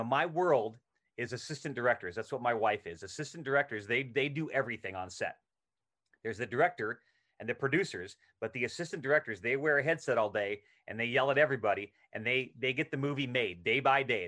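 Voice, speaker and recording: Animated man telling a story. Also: mid-range voice, a little fast. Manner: animated anecdote telling, acts out quoted lines. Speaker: actor as podcast guest. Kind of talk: casual storytelling interview.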